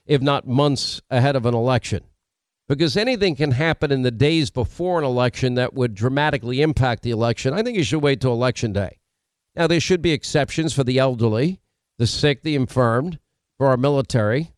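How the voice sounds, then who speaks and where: A middle-aged man hosting a political talk radio show, delivering an emphatic, opinionated monologue and rattling off points in quick series. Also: mid-range voice, clear, resonant tone, no echo.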